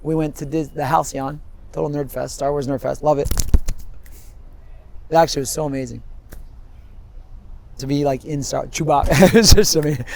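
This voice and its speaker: A man in his fifties speaks a little higher than most men, wandering from one memory to the next with lively, laughing storytelling. He is recorded outdoors, with faint street noise under his voice. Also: normal speed, creaky, pauses often. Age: 50s. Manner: rambling, animated storytelling, laughs often. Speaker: interviewee. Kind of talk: street interview.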